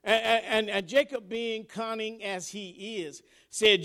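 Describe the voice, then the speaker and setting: A preacher with a high, lifted voice delivers a sermon as if chatting with the congregation, repeating words and restarting as he gathers his thoughts. He swings sharply from hushed asides to shouted climaxes. His pace is slow with few pauses and fairly even intonation.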